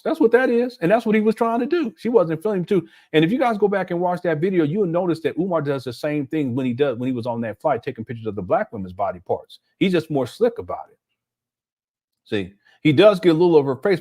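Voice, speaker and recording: An older man giving casual reaction commentary as a channel host, animated and mocking, often breaking into laughter. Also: on the high side.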